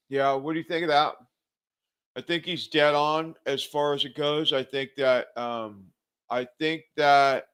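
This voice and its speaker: A man's voice: on the high side, pushed and bright, clear, resonant tone. A man hosting a talk show, speaking hesitantly with many fillers. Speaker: host. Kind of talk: casual talk show chat.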